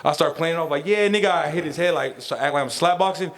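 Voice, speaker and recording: Rapid, slangy man telling a story. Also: fairly even intonation, fairly bright tone. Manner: loose, slangy, drops into a lower voice for asides. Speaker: podcast co-host. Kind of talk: casual storytelling chat.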